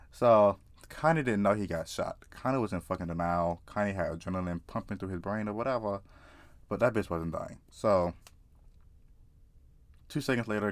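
A man casually telling a story to camera, profane and excitable, often laughing. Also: on the low side, no echo. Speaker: vlogger.

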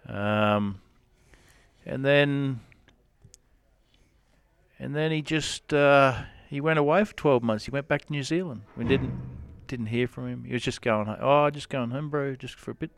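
A man's voice: mid-range voice, unhurried, clean tone, no room sound. A man with an Australian accent, a rodeo cowboy telling stories in a casual interview, rambling with lots of fillers and restarts.

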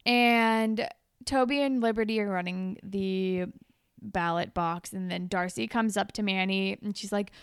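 A woman's voice: mid-range voice, fairly even intonation, measured pace, clean tone, no echo, clean studio sound. A young woman co-hosting a podcast, chatting casually, swearing and acting out characters in raised voices. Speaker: podcast co-host. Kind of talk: casual recap chat.

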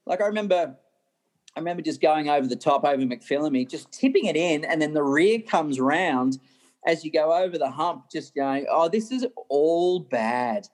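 An Australian man, a racing driver, telling animated stories in an interview, often laughing and restarting his sentences. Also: a little high, normal speed. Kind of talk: interview storytelling.

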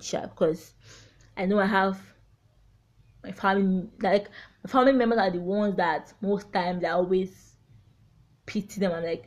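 Sex: woman. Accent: Nigerian. Pace: slow, unhurried. Style: candid solo podcast monologue, heartfelt and frank. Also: mid-range voice, lively intonation, a little mellow. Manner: heartfelt and frank, laughs through painful topics. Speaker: podcast host.

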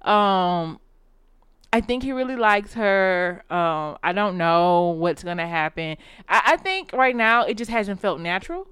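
A woman's voice: medium pitch, unhurried, fairly bright tone, smooth, dry recording, studio quality. A woman co-hosting a podcast recap, chatting casually, laughing often and restarting her sentences. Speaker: podcast co-host.

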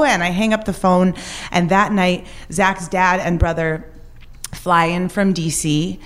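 A woman's voice: on the low side, steady tone, a little slow. A woman telling a personal story on stage, candid and confessional in an everyday conversational way. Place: stage at a live show.

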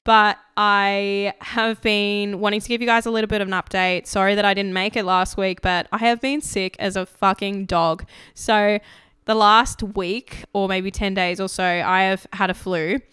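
A young woman hosts her podcast in a loose, candid ramble, swearing freely. Her voice is very clear but slightly croaky from recent illness. The recording is dry and close, with no room sound. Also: mid-range voice, steady tone, moderate pace, fairly bright tone, no echo. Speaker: podcast host. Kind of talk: casual chat.

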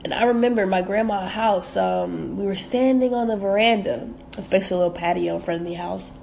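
A woman's voice: mid-range voice, a little fast, gravelly, a little mellow, a little hiss or hum. A woman from the States, hosting a motivational podcast and repeating phrases for emphasis. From southern United States. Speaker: podcast host.

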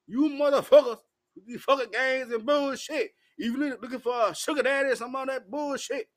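A drunk man with a high voice rambles through a profane, combative rant. His speech is loose and hiccuping as he vents straight at the camera. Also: a little fast, a bit bright. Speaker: vlogger. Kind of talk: drunken ranting monologue.

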